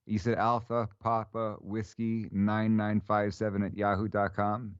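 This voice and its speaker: A man from Pennsylvania chats on a live podcast in a friendly, joking way. His voice sits a little low, and the dry, dull audio has no room sound. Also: level tone, a little slow, clean tone, no echo. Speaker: firearms law attorney, co-host. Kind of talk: casual live podcast chat.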